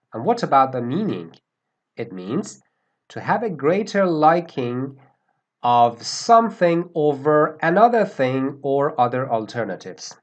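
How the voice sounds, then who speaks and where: Slow, lively-voiced male English teacher. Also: medium pitch. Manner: slow, deliberate, repeats words for pronunciation. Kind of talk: grammar lesson.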